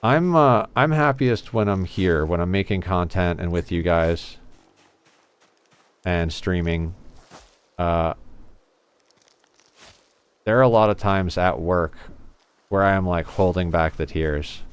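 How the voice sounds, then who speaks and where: A very tired man streaming a game and chatting candidly with viewers in a soft-spoken, rambling way. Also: low voice, slow pace, pauses often, clean tone. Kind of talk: casual live-stream chat with viewers.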